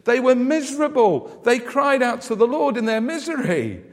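A man's voice: extremely high pitch, big pitch swings, moderate pace. A man preaching a sermon in a conversational way, often asking the congregation rhetorical questions. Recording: long hall reverb.

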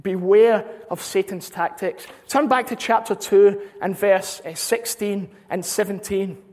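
A man's voice: high voice, fairly even intonation, unhurried, a little mellow. A man preaching a sermon, earnest, repeating phrases for emphasis. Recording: long hall reverb.

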